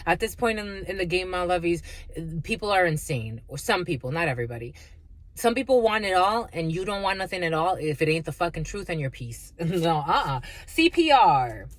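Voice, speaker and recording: A woman's voice: fairly low pitch, lively intonation, brisk. A woman giving a casual spiritual reading, blunt and profane, laughing often and calling listeners her lovies. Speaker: spiritual reader.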